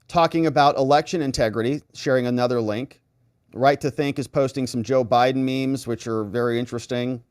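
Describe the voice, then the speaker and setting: A middle-aged man from the United States hosting a live political stream, chatting casually and reading viewer comments aloud in an animated way. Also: medium pitch, fairly quick, clear, resonant tone, no room sound, studio quality. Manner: animated, chatty, acts out little exchanges.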